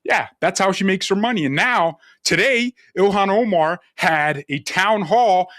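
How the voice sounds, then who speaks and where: Male commentary host, mocking and theatrical, bright dry voice. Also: high-pitched, a little slow, no echo. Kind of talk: sarcastic political commentary.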